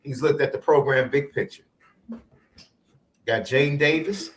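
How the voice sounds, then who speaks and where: Co-hosting a sports podcast, a man chats casually in a medium-pitched, unhurried voice. He is animated and emphatic, repeating his points.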